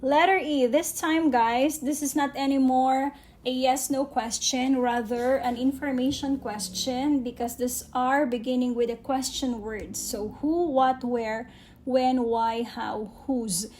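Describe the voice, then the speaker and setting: A woman with a Filipino accent teaching an English grammar lesson, speaking slowly and deliberately and checking in with listeners often. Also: sits high, fairly even intonation, a little mellow. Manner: slow and deliberate, often checks in with "okay?" and addresses "guys".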